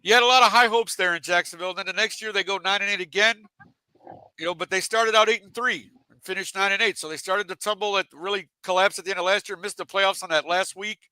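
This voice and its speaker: A man's voice: high-pitched, steady tone, fast talker, pushed and bright, smooth, no echo, rough recording. A man hosting a casual sports talk show, chatty and leading the discussion. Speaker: podcast host.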